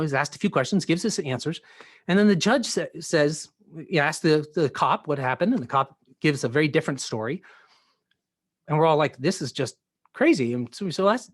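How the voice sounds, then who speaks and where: A man's voice: a little high, no echo. Earnest male pastor telling a story. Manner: earnest storytelling, acts out quoted voices, many fillers. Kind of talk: personal story in a sermon.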